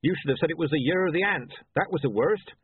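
A man's voice: a little high, lively intonation, quick pace, slightly rough, dry recording, narrow, tinny audio, voice pushed up. A man doing a brash, blunt butcher. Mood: boastful. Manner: blunt, loud and chatty. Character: brash thick-set male butcher, boastful.

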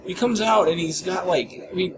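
A man's voice: sits high, normal speed. A man co-hosting a podcast, rambling through a story in casual chat, often laughing and acting out bits. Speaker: podcast co-host. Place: hotel lobby. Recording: noisy lobby ambience.

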